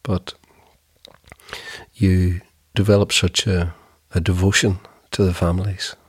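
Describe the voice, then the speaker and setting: A middle-aged man co-hosting a podcast, talking in a halting, wry way with chuckling asides. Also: low-pitched, level tone, breathy edge, no room sound, studio quality. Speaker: podcast co-host. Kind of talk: casual chat.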